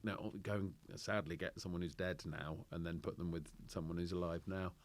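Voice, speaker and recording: A man guesting on a chat podcast as a comedian, getting excited and laughing easily as he answers. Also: deep voice. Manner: excitable, laughs often, quick bursts of enthusiasm.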